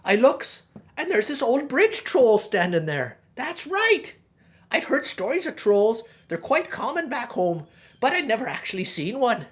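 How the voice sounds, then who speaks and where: Here is a rambling, folksy male Irish pig farmer in middle age, spinning a comic tale in a thick stage Irish accent, as a woman acts him out. The voice sits high and light. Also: sing-song, measured pace. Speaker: guest host. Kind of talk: comic monologue in character.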